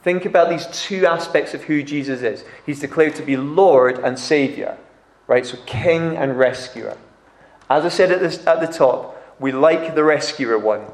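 Animated preacher in an echoey hall. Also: male voice, medium pitch, moderate pace. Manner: animated, acts out crowd voices. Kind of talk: sermon. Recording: echoey room.

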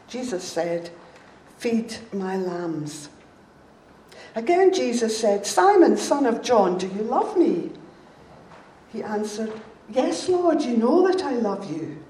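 Slow woman reading scripture from afar. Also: fairly high pitch, warm tone. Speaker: scripture reader. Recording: distant, echoey room with faint noise.

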